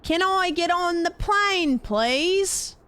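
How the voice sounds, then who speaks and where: A woman voicing a small British newspaper boy in a cap, with a put-on British accent, calling out in a drawn-out way. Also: very high voice, expressive, bright, forceful tone, voice pushed up, heavily acted. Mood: pleading.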